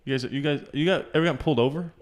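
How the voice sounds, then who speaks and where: A young man co-hosting a podcast, in a quick, casual chat with friends. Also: a little high. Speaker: podcast co-host.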